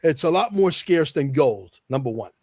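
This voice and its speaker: A man's voice: on the high side, lively intonation, normal speed, a little mellow, no room sound. Emphatic man with a dry close sound. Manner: emphatic, repeats key phrases, confident predictions. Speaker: podcast guest. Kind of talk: casual podcast conversation.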